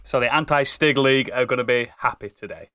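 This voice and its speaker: A man's voice: medium pitch, sharp tone, smooth, no echo. A man hosting a podcast, introducing his co-hosts in a theatrical, teasing way and giggling often. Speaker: podcast host. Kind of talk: playful show introduction.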